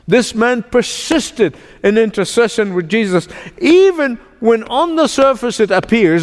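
Guy preaching in a church, pretty high voice, long echo, keeps repeating stuff for emphasis. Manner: emphatic, repeats phrases for stress; shifts between slow, drawn-out and rushed delivery. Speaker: pastor. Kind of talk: sermon. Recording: long reverb from a large hall.

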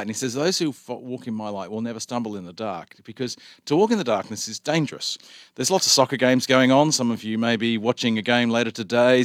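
A man's voice: mid-range voice, no echo, studio quality. A man with a cold, a pastor talking faith on radio, chatty and explaining like a teacher. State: has a cold.

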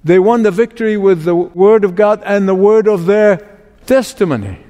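A man's voice: high-pitched, normal speed, dark tone, long reverb tail. A man preaching a sermon as pastor, emphatic and repeating key words.

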